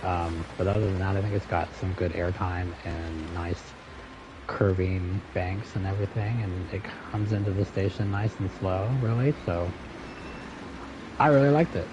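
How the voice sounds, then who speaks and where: A man co-hosting a casual live stream, speaking in a relaxed, hesitant way with plenty of fillers. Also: low voice, normal speed, background noise. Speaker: co-host.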